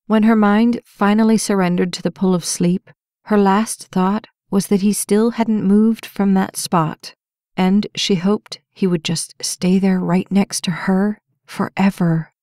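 A woman narrating a romance audiobook in an even, measured storytelling voice. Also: mid-range voice, no room sound, studio quality. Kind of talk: scripted narration.

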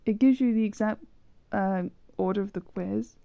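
A woman's voice: mid-range voice, normal speed, vocal fry, dark tone. A woman giving rambling, self-deprecating commentary while playing a language-learning game, often hesitating and trailing off. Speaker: gameplay video creator. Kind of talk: casual gameplay commentary.

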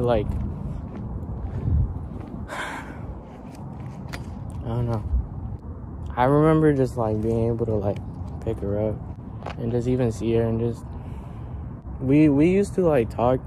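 A man's voice: mid-range voice, slow pace, pauses often. A young man vlogging casually outdoors at night, nervous and emotional, with slangy chatty talk. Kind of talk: casual vlog. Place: outdoors at night near cars. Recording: noisy outdoor street ambience.

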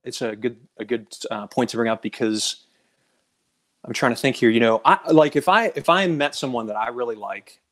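A man's voice: medium pitch, normal speed, fairly bright tone. A man as a guest in a casual dating chat, thinking aloud with hesitant restarts and sharing personal stories. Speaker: guest on a dating advice show.

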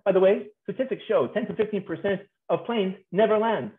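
Playful male speaker, high voice, comic delivery; tinny, phone-like, echoey recording. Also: fairly quick, hardly any pauses. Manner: animated, playful, acts out voices and laughs often. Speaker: speaker on marriage. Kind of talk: humorous conference talk.

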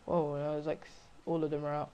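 Casual let's-play gamer voice, mid-pitched, talking to themselves and yelping at every mistake. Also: completely flat delivery, a little fast, mellow, clear, resonant tone, muffled recording. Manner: talks to self, frequent exclamations and groans. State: frustrated. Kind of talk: casual gameplay commentary.

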